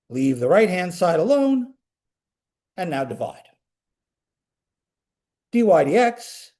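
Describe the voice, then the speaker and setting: A man with a notably high voice lectures to a classroom, talking through each step aloud. He asks the students questions and moves between quick explanation and slower emphasis. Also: vocal fry. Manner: animated, talks students through steps with questions. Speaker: calculus lecturer.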